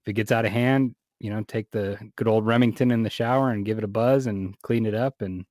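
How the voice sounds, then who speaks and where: A man on a podcast telling a story slowly and hesitantly, with many ums. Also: fairly low pitch, fairly even intonation, darkish tone, no room sound, clean studio sound. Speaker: podcast guest. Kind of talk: casual podcast banter.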